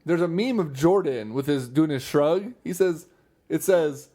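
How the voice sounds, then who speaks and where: A man's voice: on the high side, lively intonation, unhurried, warm tone. A man co-hosting a sports talk podcast who reads news items aloud, then riffs casually and swears freely. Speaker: podcast co-host.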